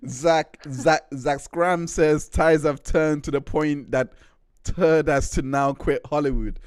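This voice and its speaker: A man's voice: fairly high pitch, slow pace, smooth, no echo, studio quality. A man hosting a livestream, joking and laughing and sometimes swearing mildly. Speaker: livestream host. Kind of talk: reaction livestream commentary.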